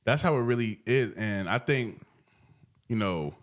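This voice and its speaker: A man speaking. He co-hosts a podcast and tells stories in a relaxed, slangy, conversational way. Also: fairly low pitch, measured pace, background noise. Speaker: podcast co-host. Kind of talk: casual chat.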